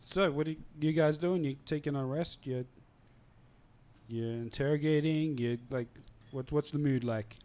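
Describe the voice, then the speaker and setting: A man guides his players through a tabletop game on a live stream. He talks slowly and loosely, with plenty of fillers and easy laughs. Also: a little high. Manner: laughing, relaxed, hesitant with fillers. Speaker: game master.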